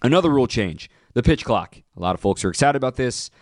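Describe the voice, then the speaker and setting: A man hosting a sports radio show, ranting with opinionated, punchy emphasis and sudden jumps in pitch. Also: expressive, fast talker, no room sound, clean studio sound.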